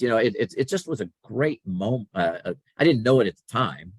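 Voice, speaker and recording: A man's voice: fairly low pitch, brisk, slightly rough, dry recording. A middle-aged man as a podcast guest, telling stories about his career in a casual way and acting out bits of dialogue. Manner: animated, acts out quoted dialogue. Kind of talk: conversational storytelling.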